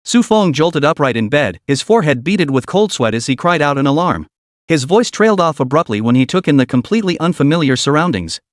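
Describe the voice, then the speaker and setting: A man reading a story aloud as narrator in an even, steady storytelling manner. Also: fairly high pitch, brisk, no room sound, studio quality. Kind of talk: scripted audiobook narration.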